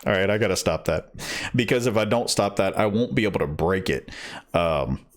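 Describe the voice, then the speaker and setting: Man, fairly low voice, slow rambling casual aside, audiobook reader. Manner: slow, rambling, self-correcting. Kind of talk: casual spoken aside after a reading.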